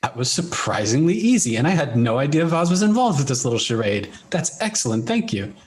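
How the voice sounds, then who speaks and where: A man role-playing his character in a tabletop game. He speaks dryly and formally, at a middle pitch. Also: very animated, a little fast. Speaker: player.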